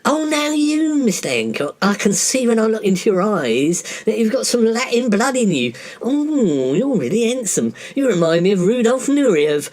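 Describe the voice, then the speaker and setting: A performer playing a camp, fussy male genealogist in a comedy pastiche, full of drawn-out innuendo. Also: mid-range voice, very animated, a little mellow, lightly acted.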